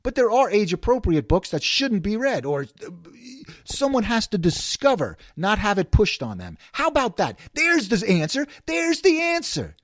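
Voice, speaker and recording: A man's voice: high-pitched, normal speed, no room sound, studio quality. A man in his forties, a host delivering a sarcastic, ranting monologue. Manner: sarcastic, animated.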